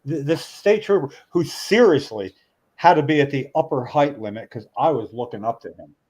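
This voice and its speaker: A middle-aged man spins a long, meandering story. He is full of "uh"s and restarts and gets animated in the telling. His pitch sits in an ordinary middle range. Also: normal speed, rough recording. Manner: rambling, animated storyteller with many fillers. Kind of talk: casual storytelling chat.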